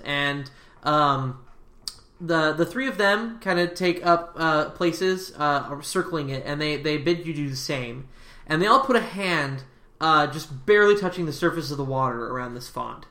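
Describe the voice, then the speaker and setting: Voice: medium pitch, lively intonation, a little slow, bright, forceful tone, roomy sound. A game master narrating a tabletop game in a rambling, hesitant way, with many fillers.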